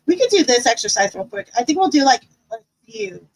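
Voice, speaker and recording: A woman's voice: high voice, sing-song, fairly quick, husky, poor audio. A woman teaching a casual live-stream tarot class, upbeat and encouraging, chatty with fillers.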